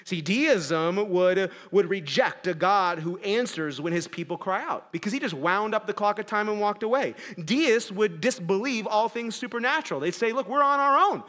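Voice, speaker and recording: A man preaching a sermon as a pastor in a church, conversational and self-correcting, swinging between quiet, intimate passages and loud, urgent ones. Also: sits high, animated, normal speed, hardly any pauses, in a large hall.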